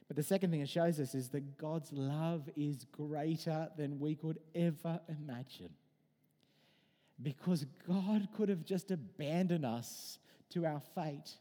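A man in his thirties preaching a sermon in a conversational, animated way, mixing in personal stories. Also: fairly high pitch, a little slow, long reverb tail. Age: 30s.

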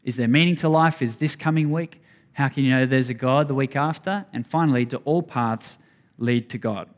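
A man's voice: mid-range voice, moderate pace. A man preaching a sermon, earnest and conversational, speaking straight to his congregation. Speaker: pastor.

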